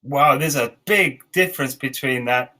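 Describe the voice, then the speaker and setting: Slow, bright-voiced English teacher trainer. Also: male voice, medium pitch, rough recording. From England. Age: 40s. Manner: slow, clear dictation with encouraging feedback. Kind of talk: online teacher training session.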